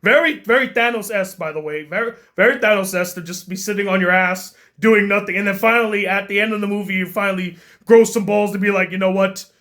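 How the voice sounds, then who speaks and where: A man giving a profane, exasperated comedic movie rant as a film critic, often bursting into shouts. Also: sits high, fast talker, few pauses.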